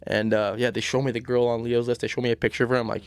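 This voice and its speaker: A man's voice: medium pitch, fast talker, few pauses. A man, a podcast guest telling stories in crude, slangy casual chat, tossing in "bro" constantly.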